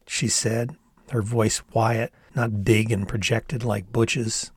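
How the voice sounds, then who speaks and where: An older man reading his own memoir aloud in a measured storytelling manner. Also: on the low side, little pitch movement, slightly rough, dry recording, clean studio sound. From Ann Arbor, Michigan, USA. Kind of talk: audiobook narration.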